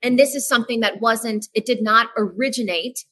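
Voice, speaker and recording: A woman guest on a podcast, telling a personal story in a frank, animated way and acting out the dialogue. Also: a little high, rough recording. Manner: animated, acts out dialogue in quick voices; frank, swears casually. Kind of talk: candid personal storytelling in a casual podcast chat.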